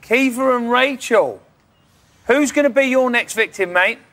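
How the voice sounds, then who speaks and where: A man's voice: extremely high pitch, measured pace. A man hosting a live TV studio chat show, bantering and joking with his guests. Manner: jokey, bantering. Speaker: host.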